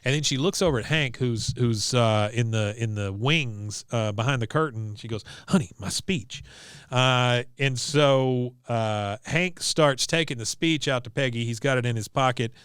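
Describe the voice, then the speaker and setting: A man talks through a cartoon episode on his podcast, loosely and animatedly, slipping into the characters' lines as he goes. His voice is smooth and clear, and the sound is dry and close. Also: medium pitch, normal speed, few pauses, no echo. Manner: animated storyteller, acts out quotes, frequent "uh". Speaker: podcast co-host recapping episodes. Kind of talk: casual recap chat. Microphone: desk mic on video podcast.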